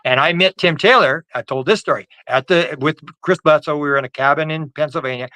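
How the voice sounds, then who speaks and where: A man's voice: fairly high pitch, brisk, sharp tone, no room sound, rough recording. A man guest on an interview over a video call, telling a story animatedly, with frequent restarts and stammers and quoted lines acted out in a raised voice. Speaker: guest UFO researcher. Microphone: video call microphone.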